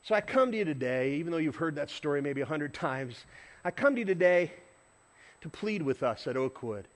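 With lively energy, a middle-aged pastor acts out shouts and honks as he tells a story from the pulpit. He speaks briskly, his voice a little high.

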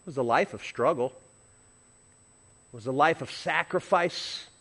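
A man's voice: on the high side, moderate pace, fairly bright tone. Man preaching a conversational sermon. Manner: conversational, asks the congregation questions. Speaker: pastor.

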